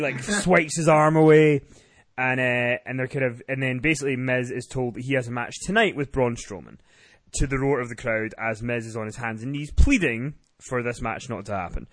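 A man's voice: medium pitch, a bit bright, no room sound. A man hosting a podcast, casually recapping wrestling with swearing and laughter. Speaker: podcast host.

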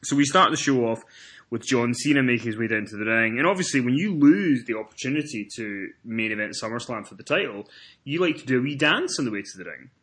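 A man's voice: medium pitch, lively intonation, fast talker, a bit bright. A man with a Scottish accent hosting a casual wrestling podcast, telling stories in a chatty way and acting out what people said. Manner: chatty storyteller, swears freely, acts out quotes. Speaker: podcast host.

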